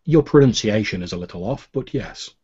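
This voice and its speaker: A man voicing a quiet, formal masked stranger with a slightly foreign-sounding accent. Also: fairly low pitch, animated, a little fast, breathy edge, muffled recording. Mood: grave, polite. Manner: formal, soft-spoken. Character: quiet foreign masked male worshipper of fate.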